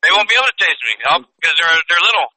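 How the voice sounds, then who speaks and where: A man's voice: on the high side, animated, fast talker, sharp tone, rough recording. A man co-hosting a podcast with an American accent, joking through casual banter in a playful, mock-serious way. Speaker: podcast co-host.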